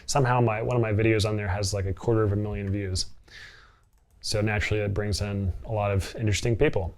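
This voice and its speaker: A man's voice: on the low side, little pitch movement, fast. A man in a casual reaction vlog, reading comments and answering with amused sarcasm and frequent laughter. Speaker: online commentator. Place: living in Portland.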